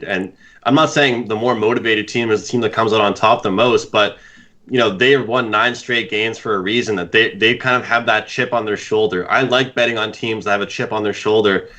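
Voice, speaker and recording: A man's voice: fairly low pitch, pushed and bright. A man giving casual sports betting analysis as a panelist, rambling steadily with lots of "you know". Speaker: panelist handicapper.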